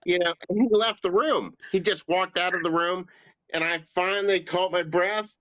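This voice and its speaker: A man's voice: high voice, steady tone, moderate pace, sharp tone, no echo. A man in his thirties telling a story in casual chat, full of "you know" fillers. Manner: loose storytelling with many fillers. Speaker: stream co-host.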